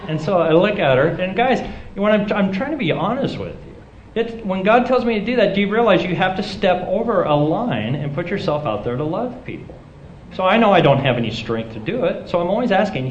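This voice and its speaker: Animated man telling a sermon story. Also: high voice, brisk, reverberant, muffled recording, a little hiss or hum. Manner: animated, self-mocking storyteller who acts out dialogue. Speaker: preacher.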